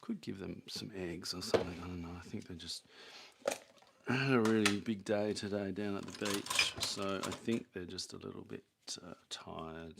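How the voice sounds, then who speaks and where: A man's voice: normal speed, vocal fry, very noisy. A man hosting a casual livestream, chatting in a rambling, loose way to his viewers. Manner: rambling, chatty, talks to his dogs in a high baby voice. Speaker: livestream host.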